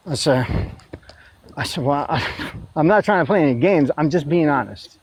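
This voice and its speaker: A man's voice: fairly high pitch, lively intonation, moderate pace, long pauses, a little hiss or hum. A man telling a story in a casual group chat, acting out the quotes and laughing as he goes. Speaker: guest sharing a court story.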